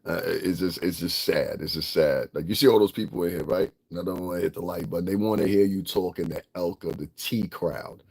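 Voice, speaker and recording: A man's voice: low-pitched, fairly even intonation, brisk, gravelly, few pauses, darkish tone, breathy edge. A middle-aged man from Connecticut, ranting bluntly and profanely in a casual livestream, laughing often. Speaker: vlogger.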